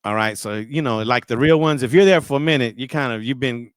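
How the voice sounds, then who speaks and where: A man's voice: mid-range voice, fairly quick, no echo. A middle-aged man, a radio and music industry guest, telling stories in a casual interview and often repeating and restarting his words. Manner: animated, repeats and restarts words when excited.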